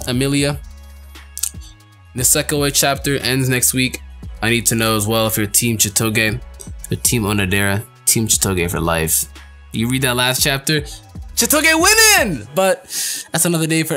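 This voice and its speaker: A young man reviewing an anime in a casual video, excitable and swinging from loud, heated outbursts to low mutters.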